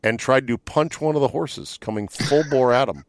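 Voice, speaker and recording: A man hosting a podcast from inside a van, chatting about sports in a blunt, profane way. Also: medium pitch. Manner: blunt and profane, talking fast when riled. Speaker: podcast host. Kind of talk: casual sports chat. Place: inside a van used as a studio.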